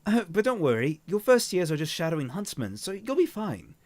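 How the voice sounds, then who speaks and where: A man's voice: high-pitched, very animated, fairly quick, a little mellow, voice pushed up. A man putting on a shy, nervous young rabbit-girl, put-on Australian. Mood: reassuring. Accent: Australian-ish, slipping British. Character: young rabbit-eared woman, anxious and shy.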